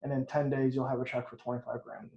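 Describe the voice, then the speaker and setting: A man's voice: mid-range voice, little pitch movement, fast talker, creaky, dark tone. A man, an insurance agent, telling an earnest story about a client in a casual team meeting on a video call. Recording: echoey dull call audio.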